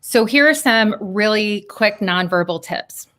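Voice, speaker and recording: A woman's voice: mid-range voice, a little slow. Woman coaching on a video call. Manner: lively, coaching, laughs often; talks of thousands of hours on video calls. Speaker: speaker on persuasion. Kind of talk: virtual workshop talk.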